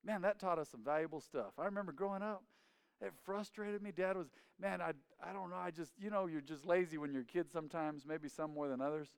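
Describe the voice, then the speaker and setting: Smooth-voiced man preaching in a reverberant hall. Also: fairly high pitch, brisk. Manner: repetitive, emphatic preaching. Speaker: pastor. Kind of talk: sermon.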